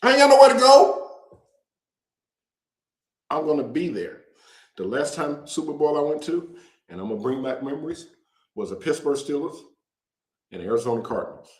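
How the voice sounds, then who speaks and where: A man hosting a casual show, talking to viewers in an animated, joking way and drawing out words for emphasis. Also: medium pitch, brisk, long pauses, roomy sound, rough recording. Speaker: host. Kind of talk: casual direct-to-camera promo talk.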